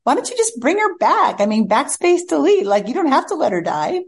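A woman putting on a teasing, exasperated husband who mocks with a dry, eye-rolling tone. His voice is pitched well above the woman's own speaking voice. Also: very animated, fairly quick, heavily acted.

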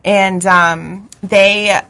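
A woman guest chatting on a book-club podcast in a mid-pitched voice. She rambles through stories with quick asides and frequent laughter, in a relaxed conversational tone. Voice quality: lively storyteller, laughs often, rambling. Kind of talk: casual chat.

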